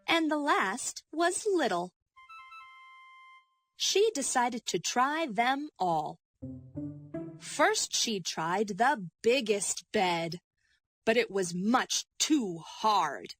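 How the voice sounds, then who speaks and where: A woman reads a children's story aloud in a slow, carefully paced way. Her voice is fairly high and moves lively up and down, with faint music behind her. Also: dry recording. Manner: slow and expressive.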